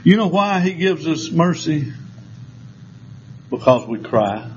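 A man's voice: on the high side, sing-song, slow, a crowd in the background. An older man preaching a sermon in church, a folksy, joking storyteller. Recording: slightly dull lo-fi sound.

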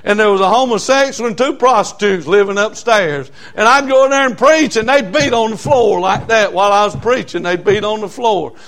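A middle-aged man preaching a sermon. He tells homespun stories, often stops on "uh, uh" fillers, and builds up to loud emphasis. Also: sits high, a little fast, hardly any pauses.

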